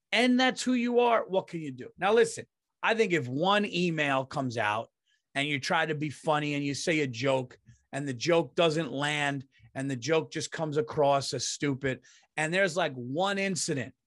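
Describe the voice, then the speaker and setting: A man's voice: high-pitched, fairly bright tone. A man, a comedian hosting his podcast, telling a story in a heated, profane ranting monologue.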